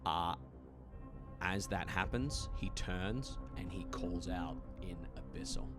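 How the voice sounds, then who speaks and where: A male game master with a very deep voice narrates a one-on-one tabletop session. He is easygoing and uses a lot of fillers, and music plays clearly under him. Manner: relaxed, many "uh" fillers, quick laughs.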